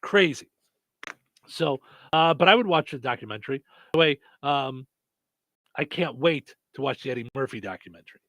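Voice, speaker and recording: A man's voice: medium pitch, normal speed, pauses often, fairly bright tone, no room sound. A man hosting a radio morning show, chatting casually with many fillers and restarts. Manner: rambling, lots of fillers and restarts.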